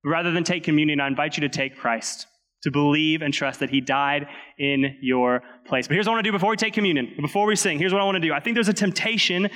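A man's voice: fairly high pitch, fast talker, a bit bright. A man preaching a sermon as pastor, leading communion and prayer with earnest, repetitive cadences. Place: church sanctuary. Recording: long hall reverb.

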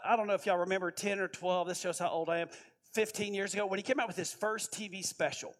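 A man giving a sermon, telling stories in a conversational way and asking his listeners questions. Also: high voice. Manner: storytelling, conversational, asks the audience questions.

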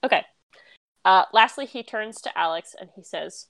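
A woman running a tabletop game as game master, narrating in a lively, chatty way. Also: mid-range voice, moderate pace, vocal fry, no echo. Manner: lively, chatty, with laughs and fillers.

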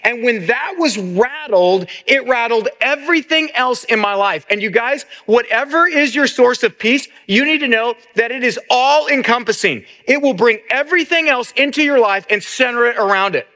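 A man's voice: very high-pitched, animated, moderate pace, hardly any pauses, bright, forceful tone. A middle-aged man, a pastor, preaching a sermon in an earnest way, often repeating words as he restarts.

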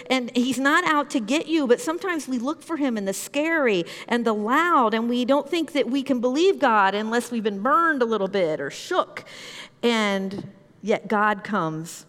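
A woman pastor preaching a sermon in a church, earnest and conversational, slowing down to repeat key phrases for emphasis. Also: high-pitched, a bit bright. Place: church sanctuary. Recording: long hall reverb.

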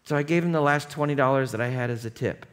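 A man's voice: medium pitch, fast talker. A man in his thirties, a pastor giving a conversational, storytelling sermon that builds into impassioned preaching.

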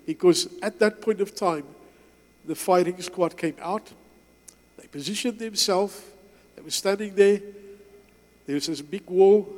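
A man's voice: on the high side, a little mellow. Earnest man in a hall. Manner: earnest, halting storytelling with short phrases. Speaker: guest speaker. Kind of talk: personal testimony talk. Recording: long reverb in a hall.

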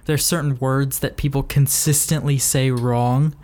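A man's voice: medium pitch, fairly even intonation, measured pace, a little mellow. A man hosting a podcast, chatting casually and hesitantly about his writing, with frequent ums. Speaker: podcast host and author. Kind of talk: casual chat.

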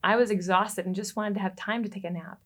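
A woman, a relationship coach, telling a personal story as a podcast guest, lively and quick to laugh. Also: medium pitch. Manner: animated, laughs often and acts out quoted lines.

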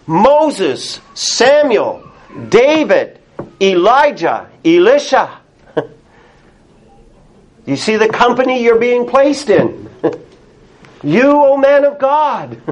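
A male pastor delivers a sermon in a noticeably high voice. He speaks slowly and deliberately, leaning on key words with earnest emphasis and soft laughs between points.

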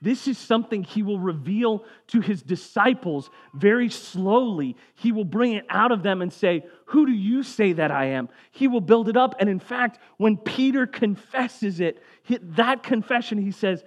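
A male pastor delivers a sermon in an easygoing, conversational tone. His voice sits a touch higher than most men's. When he reads scripture aloud, he drops low and quiet. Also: expressive, moderate pace, hardly any pauses.

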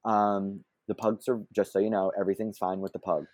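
A man's voice: fairly low pitch, flat delivery, fairly quick, darkish tone. A man telling a long personal story as an interview guest, chatty and self-deprecating, laughing often and breaking off into asides. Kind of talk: casual anecdotal storytelling.

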